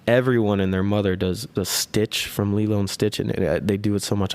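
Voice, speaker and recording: A man's voice: on the low side, fairly even intonation, a little fast, few pauses, darkish tone. Crude, self-mocking male podcast host. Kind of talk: casual solo podcast monologue.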